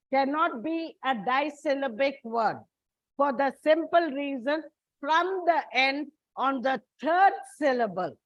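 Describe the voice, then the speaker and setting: A woman with an Indian English accent teaching an English lesson, slowly spelling out word endings letter by letter and repeating each example word. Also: high-pitched, no echo. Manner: slow, deliberate, repeats and spells out words letter by letter. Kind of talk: slow spelled-out classroom lesson. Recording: dull, muffled lo-fi recording.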